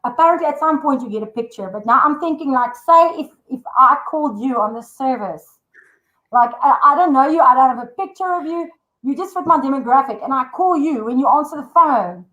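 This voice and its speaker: High, bubbly Afrikaans-accented woman. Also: animated, a little fast, fairly bright tone, roomy sound, highs cut off. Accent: South African, Afrikaans. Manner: bubbly, teasing, mixes Afrikaans into English. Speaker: guest, awards organiser. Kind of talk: playful live-stream chat.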